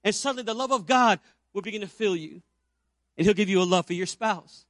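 Preaching briskly on Easter, a fifties-aged pastor alternates between forceful climaxes and soft, subdued stretches. The sound is dry and clean, as if from a studio.

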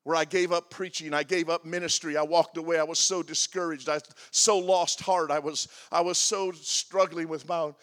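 A man in his sixties preaches a personal, confessional sermon. His voice sits a little high for a man. He swings from loud, emphatic declarations to quiet, almost whispered lines. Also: steady tone, normal speed, few pauses. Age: 60s. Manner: confessional, shifting from loud emphatic to hushed and soft. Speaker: pastor.

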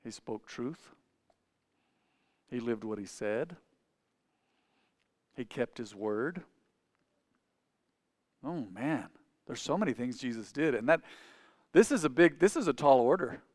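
Male pastor, mid-pitched, dry close sound, conversational sermon with questions to the pews, loud peaks and quiet asides. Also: expressive, slow, long pauses, dry recording. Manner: conversational, asks the congregation questions; swings between loud emphatic and quiet asides.

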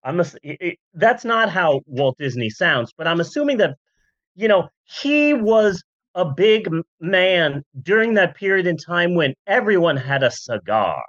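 Jokey podcast host, rambly, slow talker, bouncy pitch, slightly muffled lo-fi sound. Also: sing-song, fairly bright tone, no room sound. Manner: rambling, jokey, full of asides and voice bits. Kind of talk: comedic history podcast chat.

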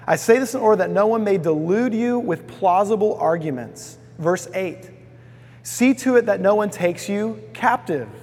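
A man's voice: high voice, expressive, moderate pace, a little mellow, slightly rough, in a large hall. A man preaching a sermon, telling stories in a folksy way and asking the congregation to repeat words after him. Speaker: pastor.

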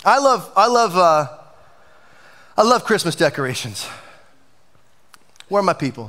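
A man's voice: sits high, sing-song, measured pace, long pauses, bright, forceful tone, long reverb tail. A man preaching a sermon as pastor, passionate and emphatic, in a church sanctuary.

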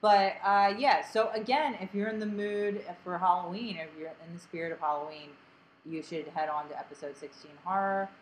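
A woman's voice: fairly low pitch, moderate pace, a little hiss or hum, rough recording. A woman from Delaware County co-hosting a casual podcast, rambling with lots of fillers and a grating, self-mocking tone. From Delaware County, Pennsylvania. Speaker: podcast co-host.

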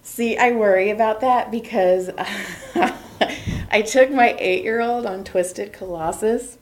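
Laughing, animated woman storyteller. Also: medium pitch, slow pace. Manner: laughs often while telling stories; animated storyteller acting out quotes. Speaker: podcast host. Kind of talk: casual chat. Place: basement room.

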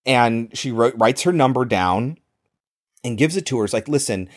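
A man's voice: medium pitch, moderate pace. A man co-hosting a podcast, casually recapping a movie and acting out the characters' lines. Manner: animated retelling, swears, acts out quoted lines. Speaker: podcast co-host.

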